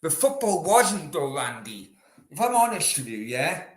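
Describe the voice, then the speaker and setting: A man's voice: a little high, sing-song, a little slow, reverberant. A man hosting a casual live chat with viewers, chatty and rambling. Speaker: host. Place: room in Australia.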